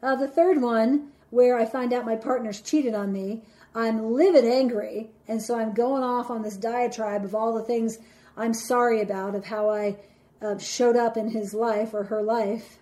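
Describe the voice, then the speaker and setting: A woman with a fairly high, mellow voice teaching a lesson. She lays out her points in a measured order. She turns dramatic whenever she acts out an example. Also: fairly even intonation. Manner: measured, explains step by step. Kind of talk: instructional talk.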